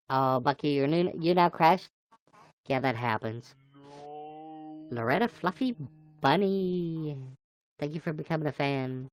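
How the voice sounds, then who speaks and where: A playful woman chatting on a livestream and greeting viewers by name. Her voice is very low for a woman, and she talks at an unhurried pace in a dry, close sound. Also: no echo. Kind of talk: casual live chat with viewers.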